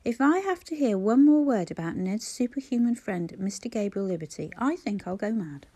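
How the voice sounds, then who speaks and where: A blunt, bantering grown man, put on by a woman reading a novel aloud. He teases his friend with loud, emphatic lines. The tone stays mellow underneath. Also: high voice, animated, moderate pace. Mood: teasing.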